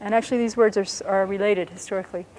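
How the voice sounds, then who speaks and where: A woman teaching a language lesson, explaining patiently and sounding out words slowly and carefully. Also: mid-range voice, steady tone, a little mellow, a little hiss or hum.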